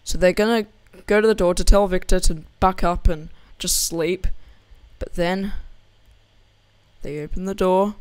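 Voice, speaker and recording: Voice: mid-range voice, steady tone, a little slow, a little mellow, smooth, no room sound. Giggly, rambling young gamer. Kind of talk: casual gameplay commentary and joke telling.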